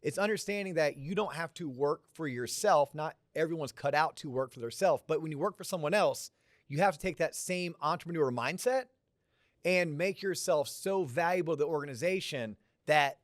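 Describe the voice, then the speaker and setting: Speaking at normal speed with a fairly high pitch, a male podcast host offers motivational business advice to a college audience in a conversational way. The studio-quality recording has no echo.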